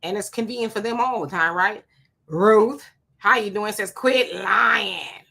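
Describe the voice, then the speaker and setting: A woman's voice: mid-range voice, moderate pace, fairly bright tone. A woman co-hosting a live stream, reading viewer comments aloud and greeting people by name in a blunt, casual way. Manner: blunt, talks back to commenters.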